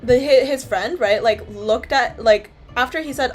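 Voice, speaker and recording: Chatty young woman, higher voice. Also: measured pace, soft background music. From Canada. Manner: rambling, filler-heavy storytelling, swears freely. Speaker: streamer. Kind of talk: casual chat to stream chat.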